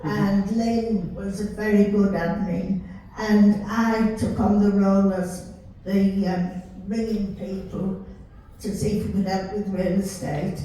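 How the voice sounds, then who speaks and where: An older woman with a Yorkshire accent, chatting warmly as she tells stories from her life. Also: mid-range voice, fairly even intonation, slow. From Yorkshire, England. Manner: chatty, warm storytelling with laughs. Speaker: storyteller recalling her life. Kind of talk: casual reminiscing. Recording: roomy, distant mic with faint hiss.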